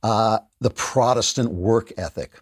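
A man's voice: on the low side, a little slow, slightly rough, dry recording, studio quality. A middle-aged man hosting a podcast, delivering a sarcastic political commentary monologue and mocking his opponents' views. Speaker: podcast host.

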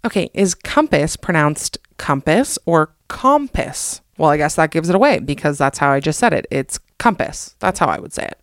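A woman's voice: low voice, big pitch swings, normal speed, few pauses, dry recording, studio quality. A young adult woman from the United States hosting a podcast, chatting casually with jokey, self-deprecating asides. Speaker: podcast host. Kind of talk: casual comedic monologue.

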